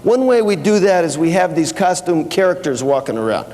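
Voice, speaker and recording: A man's voice: fairly high pitch, big pitch swings, brisk, a little mellow. A man speaking at a company seminar, telling anecdotes and quoting back-and-forth dialogue in a casual way. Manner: conversational, with fillers and restarts. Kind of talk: anecdotal business talk. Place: seminar hall with audience. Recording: long hall reverb.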